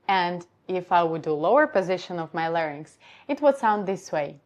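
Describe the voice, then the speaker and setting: A woman voice coach giving a live-streamed lesson on how the voice works, explaining calmly and step by step. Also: on the low side, normal speed, hardly any pauses, highs cut off.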